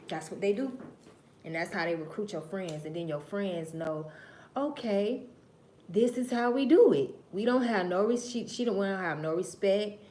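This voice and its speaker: A woman's voice: normal speed, pauses often. A woman hosting a livestream, telling a story in a profane, preachy way and speaking straight to her viewers. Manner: swings between low murmurs and loud emphatic bursts. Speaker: livestream host. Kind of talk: casual livestream monologue.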